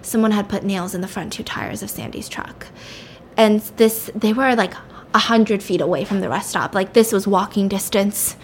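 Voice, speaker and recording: A woman's voice: medium pitch, slight background noise. A young woman casually retelling a plot, chatty and full of asides. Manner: chatty, fillers of "like", quick asides. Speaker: storyteller.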